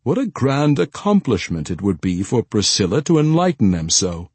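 A man's voice: lowish voice, very animated, normal speed, a little mellow, husky, no room sound. A man voicing a wry old castle steward who speaks in a formal, coaxing way.

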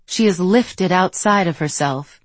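A woman narrating an audiobook in a measured, gentle storytelling manner, close to the mic. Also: fairly low pitch, no echo. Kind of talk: scripted narration.

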